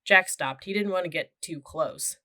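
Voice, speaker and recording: A woman narrating a children's audiobook with steady, clear storytelling. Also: fairly low pitch, normal speed.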